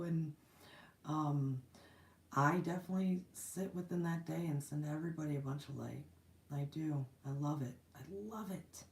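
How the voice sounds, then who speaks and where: A woman hosting a spiritual channel chats casually, bubbly and rambling, breaking into giggles. Her voice is mellow and sits on the low side, picked up from a distance by a device camera. The home room around her is echoey. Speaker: channel host giving spiritual messages. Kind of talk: casual livestream chat.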